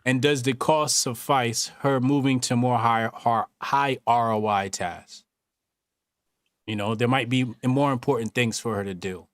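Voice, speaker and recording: Measured man explaining business logic. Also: medium pitch, fairly even intonation, dry recording, clean studio sound. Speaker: team member giving business advice. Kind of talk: casual group chat.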